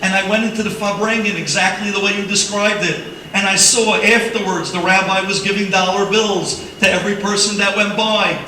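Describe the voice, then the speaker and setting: A man's voice: high-pitched, fairly even intonation, fairly quick, pushed and bright, pitched above the performer's own voice. Man doing an old grandfather, earnest, heartfelt, echoey hall, distant mic. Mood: remembering. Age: older. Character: elderly immigrant grandfather, pleading and heartfelt. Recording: echoey hall, from far off, background noise.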